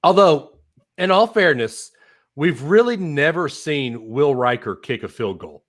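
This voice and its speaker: A man co-hosting a podcast in casual chat, excitable and reading out listener comments. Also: a little high, measured pace. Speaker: podcast co-host.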